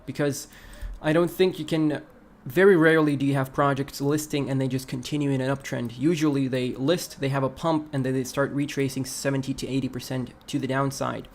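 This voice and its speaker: A man's voice: medium pitch, fairly quick, hardly any pauses. Man talking crypto charts on a livestream. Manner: relaxed, talks through charts, reads chat aloud. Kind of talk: casual livestream chart analysis.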